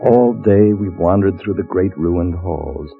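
An actor playing an uneasy male time traveler who asks hushed, wary questions and narrates somberly, in a vintage radio drama. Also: deep voice, unhurried, gravelly. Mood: somber narration. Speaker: narrator and character in a radio play. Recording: tinny old radio broadcast with loud music.

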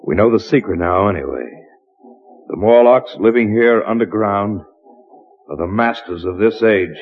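An actor playing a resolute male time traveler who leads with calm, firm explanations, in a vintage radio drama. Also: on the low side, normal speed, lightly acted. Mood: solemn. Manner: steady, commanding, explains things firmly. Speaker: lead character in a radio play. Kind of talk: 1950s radio drama acting. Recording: dull old radio broadcast with faint hiss.

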